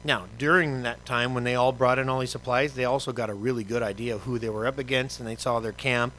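Bright-voiced pastor preaching a sermon. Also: male voice, mid-range voice, fast talker, slight background noise, rough recording. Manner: conversational, animated, full of rhetorical questions.

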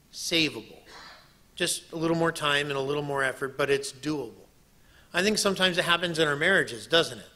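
A man who preaches a sermon, telling a personal story in an animated way and acting out what people said. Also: on the high side. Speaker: preacher and missionary.

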